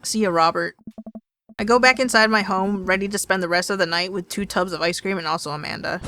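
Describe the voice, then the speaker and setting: A woman's voice: medium pitch, a little fast, bright, forceful tone. Woman let's player, casual, playful, laughs often, faint game music under. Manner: chatty, laughing, swearing, playful. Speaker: let's play host. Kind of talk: casual game commentary and narration.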